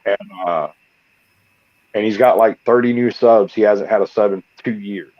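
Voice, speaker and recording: A man's voice: on the low side, normal speed, no room sound. A man chatting casually on a live stream call, easygoing and chatty, telling stories with plenty of fillers. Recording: dull lo-fi dry sound.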